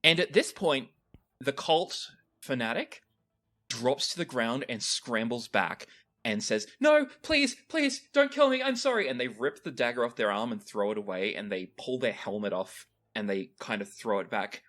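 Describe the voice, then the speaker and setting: A man narrating a tabletop game as game master, with lively storytelling and frequent restarts. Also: mid-range voice, moderate pace.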